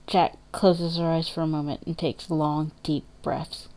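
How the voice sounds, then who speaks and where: A story reader with a fairly low voice for a woman reads dramatic fiction aloud, narrating in a measured, emotive way and keeping steady attention on the story. A little hiss or hum can be heard.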